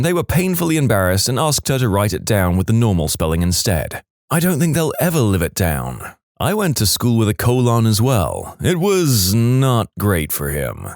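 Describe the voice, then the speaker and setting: A man narrating forum posts aloud in a steady scripted reading voice, using his own voice for every post. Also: lowish voice, no room sound, clean studio sound.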